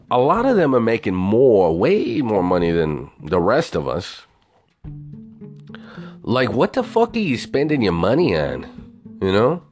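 A man ranting in a casual, profane way, incredulous and swearing constantly. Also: lowish voice.

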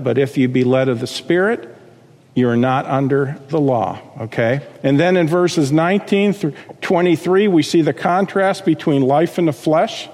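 A male pastor preaching a sermon, reading scripture and acting out quotes with lively emphasis. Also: a little high, in a large hall.

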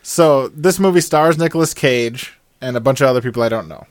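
A man in a mid-range voice hosts a casual movie review podcast, chatting in a relaxed, jokey way full of ums. The sound is dry and close, with almost no room echo. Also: medium pitch, a little fast. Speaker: podcast host.

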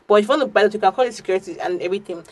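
A young woman, co-hosting a podcast and telling a story in casual chat, animated, swearing and restarting her sentences often. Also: mid-range voice, very fast. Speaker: podcast co-host.

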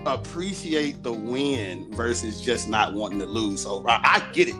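Animated laughing man in his forties. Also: on the low side, measured pace, music in the background. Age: 40s. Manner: animated storyteller, laughs often. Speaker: host and basketball coach. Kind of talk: casual podcast chat.

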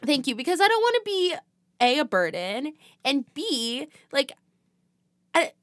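A woman co-hosting a podcast, telling a story in animated casual chat with lots of laughs and fillers. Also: sits high, unhurried, no echo, studio quality. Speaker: podcast co-host.

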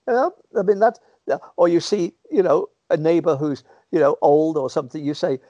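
A man's voice: fairly high pitch, very animated, fairly quick, mellow, no echo, dull audio. A man answering interview questions in a thoughtful, rambling way, often acting out what people might say, heard over a remote call microphone. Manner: thoughtful, rambling, acts out quoted speech.

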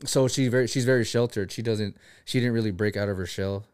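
A man's voice: lowish voice, steady tone, a little fast, darkish tone, smooth. Man, Filipino American, hosting a casual chat; profane, joking, teasing.

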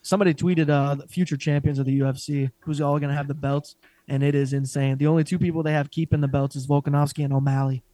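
A young man in casual podcast banter, cursing and laughing his way through fight talk. His voice sits a little high and sounds close and dry, with no room around it. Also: quick pace, no room sound. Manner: profane, animated, laughs often. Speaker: podcast co-host. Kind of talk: casual chat.

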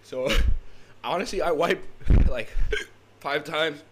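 A man's voice: on the high side, slow pace, a little hiss or hum. A man co-hosting a casual podcast, laughing often and swearing in easy banter. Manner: laid-back, laughs a lot, profane. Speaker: podcast co-host.

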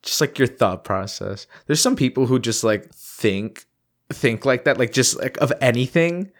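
A man's voice: lively intonation, a little slow. A man co-hosting a podcast in casual chat, playful and joking, often laughing and riffing on bits. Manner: playful, swoops up in pitch when joking, laughs a lot. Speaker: podcast co-host.

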